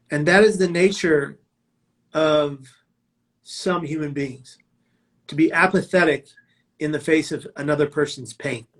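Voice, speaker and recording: A man's voice: fairly high pitch, a bit bright. A man telling his own life story as a prevention speaker, in a vivid, dramatic way with emphatic quoted lines. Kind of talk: personal storytelling talk.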